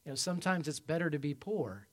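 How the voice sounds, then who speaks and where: A man preaching a sermon as pastor, emphatic, swinging from loud peaks to quiet low passages and calling for amens. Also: very animated, fast talker. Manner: asks the congregation for amens.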